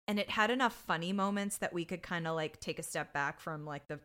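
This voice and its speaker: A woman's voice: fairly low pitch, fairly quick. A woman co-hosting a podcast, chatting casually and jokily while recapping a TV season, swearing freely. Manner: animated, jokey, swears freely. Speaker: podcast co-host.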